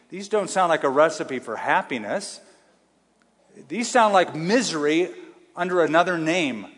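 Man, pastor preaching, somewhat high voice, emphatic, slows for stress, long church-hall reverb. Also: lively intonation, a bit bright. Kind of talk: sermon.

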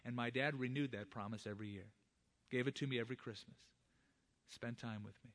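A man's voice: mid-range voice, steady tone, a little fast, a bit bright. A middle-aged man, a pastor, preaching a sermon and earnestly addressing the fathers in the congregation.

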